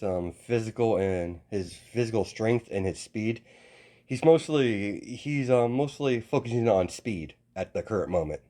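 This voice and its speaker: A man narrates an improvised fan story, stopping often to restart and correct himself. His voice sits a little low and sounds soft and mellow. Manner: halting, full of restarts and self-corrections.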